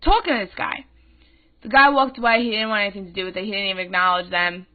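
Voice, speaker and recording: A woman's voice: medium pitch, fast talker. Brief: 21-year-old woman, podcast host, indignant rant, tinny phone-like sound. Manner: indignant, emphatic, animated. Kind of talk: casual ranting storytelling.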